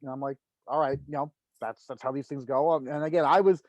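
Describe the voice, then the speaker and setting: A man's voice: mid-range voice, fairly even intonation, fast talker, dry recording. A young man in his twenties answering interview questions at length, rambling with fillers. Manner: rambling, many fillers and restarts. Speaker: wrestler guest.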